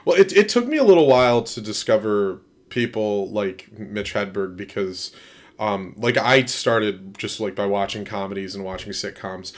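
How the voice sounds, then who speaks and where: A man with a lowish voice hosts a casual comedy podcast. He talks easily, backs up his guest with steady "yeahs," and asks loose open questions. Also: normal speed. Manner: easygoing, asks open questions, lots of backchannel. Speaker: podcast host.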